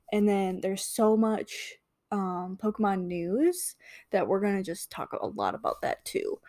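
A woman's voice: mid-range voice, no room sound. Laid-back woman co-host, dry sound. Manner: laid-back, apologetic, trails off softly. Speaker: podcast co-host. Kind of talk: casual chat.

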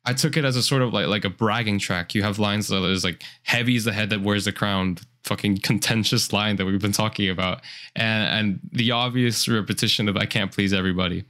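Casting: lowish male voice, easygoing podcast host, filler-heavy and casual. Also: fairly even intonation, fairly quick, sharp tone. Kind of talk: casual music review chat.

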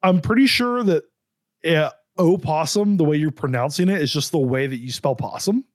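A male podcast guest whose voice sits a little higher than usual. He jokes in a wry, deadpan way, and the sound is close and dry with no room around it. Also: a little fast, dry recording. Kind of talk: casual podcast chat.

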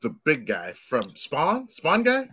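Man, podcast co-host, bright edgy voice, fairly high, animated and joking. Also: slow pace, husky, no room sound, dull audio. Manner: animated, joking, swearing freely. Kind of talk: casual chat.

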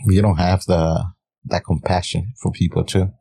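A man's voice: low-pitched, flat delivery, moderate pace, gravelly, mellow, breathy edge. A man co-hosting a casual podcast, laid-back and profane, laughing easily. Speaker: podcast co-host. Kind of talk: casual chat.

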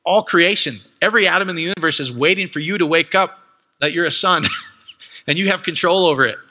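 Excited preacher in a reverberant hall. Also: male voice, fairly high pitch, fairly quick. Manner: animated, excited, conversational, quotes others. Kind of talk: teaching sermon.

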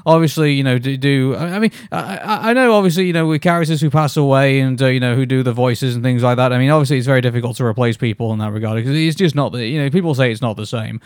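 A man's voice: medium pitch, quick pace, few pauses, clean tone, no echo, clean studio sound. A man co-hosting a podcast in casual chat, hesitant and full of fillers and restarts. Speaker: podcast co-host.

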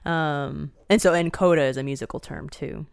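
Lively woman chatting, dry close sound. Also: low-pitched, normal speed, vocal fry, clean tone, no echo. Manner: excitable, lively storyteller. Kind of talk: casual chat.

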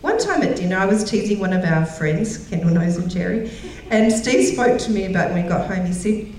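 A woman's voice: medium pitch, lively intonation, a little fast, darkish tone, slight background noise. Middle-aged woman preaching in an echoey hall. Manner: storytelling, laughs often, acts out quoted voices. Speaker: women's conference speaker. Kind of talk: sermon. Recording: very echoey hall, voice heard from a distance.

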